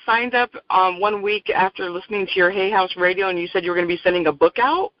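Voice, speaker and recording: A woman's voice: mid-range voice, fast, no echo. A woman from Florida calls in to a radio show and asks her question in a chatty, slightly hesitant way. Her voice comes over a dry, dull line with no room sound. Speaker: caller.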